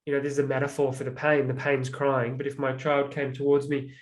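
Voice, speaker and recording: A man's voice: medium pitch, monotone, brisk. A man telling personal stories about emotional pain in a reflective, casual way, with many "like" fillers. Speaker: guest. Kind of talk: casual conversation.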